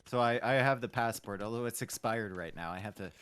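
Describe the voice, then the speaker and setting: A man's voice: fairly low pitch, brisk, fairly bright tone, clear, resonant tone, soft background music. A man in his twenties from Canada, co-casting a game with dry, teasing humor. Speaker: co-caster. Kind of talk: casual game commentary with banter.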